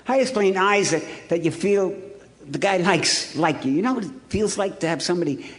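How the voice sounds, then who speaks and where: A man's voice: high voice, lively intonation, brisk. A man from Ohio telling his recovery story to a hall audience, punchy and wry, with lots of repetition. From Ohio, USA. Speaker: recovery meeting speaker. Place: hotel conference hall.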